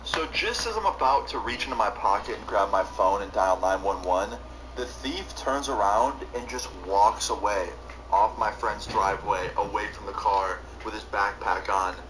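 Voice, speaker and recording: Young man, casual rambling storyteller, low voice, noisy live stream audio. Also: normal speed. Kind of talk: storytelling while live gaming.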